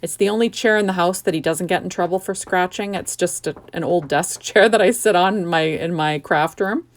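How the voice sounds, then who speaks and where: A middle-aged woman talks through her card-making steps in a relaxed, chatty way. Her voice sits a little low with a gravelly edge. She wanders through fillers and restarts as she works at home. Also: a little fast. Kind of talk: casual crafting tutorial voice-over. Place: home craft room.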